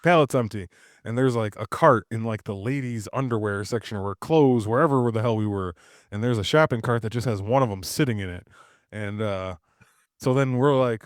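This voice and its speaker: A man's voice: mid-range voice, quick pace, no room sound, clean studio sound. A man co-hosting a podcast in casual chat, telling rambling stories, swearing freely and laughing between sentences. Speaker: podcast co-host.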